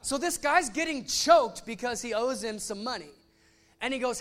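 High-voiced man preaching a casual sermon. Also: a little fast. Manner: animated storytelling with voiced asides. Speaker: pastor.

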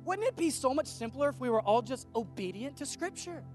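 A man's voice: extremely high pitch, big pitch swings, brisk, a little mellow, soft background music. A man preaching a casual, conversational sermon, telling stories with animation and acting out the voices he quotes.

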